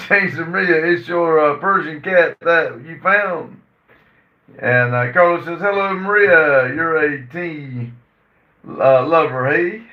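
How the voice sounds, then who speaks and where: A man hosting a casual livestream, reading viewer comments aloud and answering them with many "uh" fillers. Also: fairly high pitch. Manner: reads chat messages aloud and answers them; halting, frequent "uh" fillers. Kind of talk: casual chat. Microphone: phone. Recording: roomy, distant and dull phone audio.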